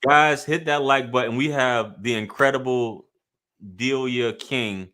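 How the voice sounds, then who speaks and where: Bright-voiced male live-stream host. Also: medium pitch, steady tone, unhurried. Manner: easygoing, repeats himself, urges viewers to like. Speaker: podcast host. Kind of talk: casual live-stream interview.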